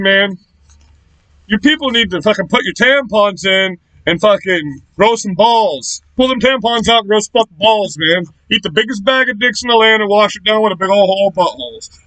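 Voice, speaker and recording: A man's voice: high voice, no room sound, poor audio. A man ranting angrily on a political vlog, swearing heavily and talking in an aggressive, confrontational way. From Florida. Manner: profane, ranting, loud and aggressive. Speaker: political vlogger. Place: small shack.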